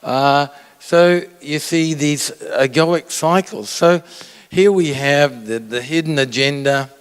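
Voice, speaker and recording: Slow-talking male pastor preaching in a hall. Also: mid-range voice, smooth. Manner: conversational, asks the audience questions, acts out inner voices. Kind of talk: sermon. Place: church auditorium. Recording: long reverb of a large hall.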